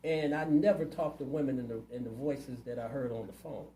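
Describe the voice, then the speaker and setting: A man's voice: medium pitch, brisk, dark tone, reverberant, a little hiss or hum, low-quality recording. A man running for city council, answering interview questions in a plainspoken, earnest way. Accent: Ohio. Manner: earnest, plainspoken, community-minded.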